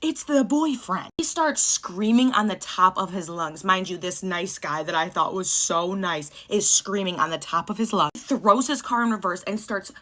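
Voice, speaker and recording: A woman's voice: mid-range voice, moderate pace, hardly any pauses, sharp tone. A young woman telling a story in a chatty, casual way, swearing often and filling her talk with "like". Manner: chatty, swears, lots of "like" fillers.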